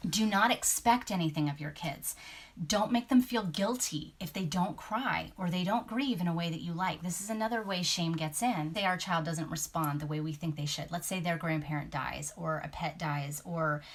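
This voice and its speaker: A woman hosting a podcast, talking candidly and earnestly, sometimes dropping to a soft near-whisper. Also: on the low side, moderate pace. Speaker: podcast host. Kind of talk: reflective podcast talk.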